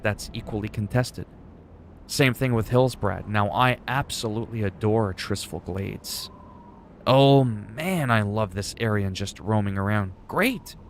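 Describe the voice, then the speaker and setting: A man with a lowish voice livestreams a game, chatting casually and enthusiastically with viewers. He rambles a bit and swears now and then, and there's slight background noise.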